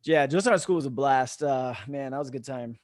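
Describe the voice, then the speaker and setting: Relaxed dude on a call telling war-school stories, cusses a lot, chuckles, mid-pitch voice. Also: male voice, brisk, dry recording, studio quality. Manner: laid-back, swears freely, chuckles through stories. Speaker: podcast guest, retired veteran. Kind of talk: casual storytelling. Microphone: remote call.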